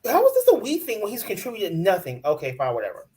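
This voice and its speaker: A woman's voice: mid-range voice, wildly swooping pitch, quick pace, warm tone. A woman co-hosting a casual reality TV recap, ranting bluntly and in exasperation, and putting on mock voices for the people she talks about. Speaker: co-host of a reality TV recap show. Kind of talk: casual chat.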